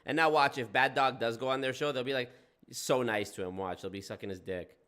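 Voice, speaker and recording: A man's voice: medium pitch, a little fast, a bit bright. A man commenting on a live stream in a mocking, incredulous way. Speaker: streamer reacting.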